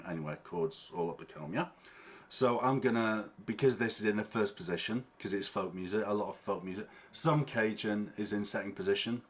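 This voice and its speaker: Chatty harmonica teacher, a man with a lowish voice. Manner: chatty, checks in with frequent "yeah?". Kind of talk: online music workshop. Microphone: online stream with latency. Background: guitar playing.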